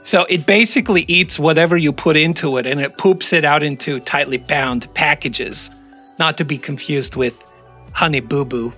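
Man, podcast host, joking storyteller, fairly high voice, light music behind. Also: normal speed. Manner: animated, joking, gesturing. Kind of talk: casual storytelling chat. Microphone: close studio mic.

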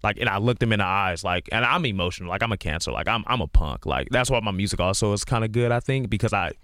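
A man with a low voice talks earnestly and rambles a little, with a lot of "like", as a guest on a casual interview show. The sound is dry and close, with no room around it. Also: expressive, fast talker, a bit bright, no room sound. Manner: earnest, rambling, heavy use of "like". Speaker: guest musician.

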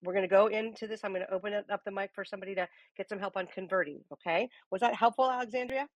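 Lively woman coaching an audio room. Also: medium pitch, rapid-fire, no echo, lo-fi sound. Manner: lively, uses many rhetorical "okay?" check-ins. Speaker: business coach hosting a live audio room. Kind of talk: live coaching talk. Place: live audio chat room.

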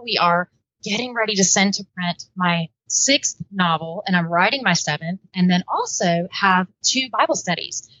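A woman's voice: medium pitch, bright, forceful tone, dry recording, lo-fi sound. A woman in her late thirties with a Southern Indiana twang, a guest author chatting in an upbeat way and laughing often on a podcast. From Midwestern United States. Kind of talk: casual podcast interview.

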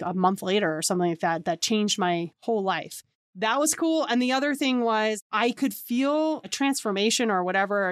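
Woman, 30s, podcast host, casual storyteller, animated quotes, dry booth sound. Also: medium pitch, dry recording. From New York area. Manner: chatty, acts out quoted dialogue with lots of "like".

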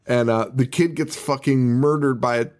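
A man's voice: medium pitch, steady tone, moderate pace. Laughing, swearing podcast co-host man. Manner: laughs often, swears, restarts sentences. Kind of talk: casual chat recapping a movie.

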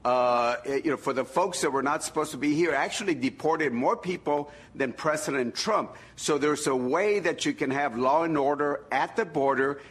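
Man, husky voice, measured, stresses key words, played clip. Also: on the high side.

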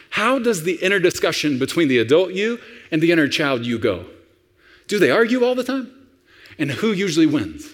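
A man preaching a sermon as pastor, animated and acting out dialogues. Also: on the high side, moderate pace, in a large hall.

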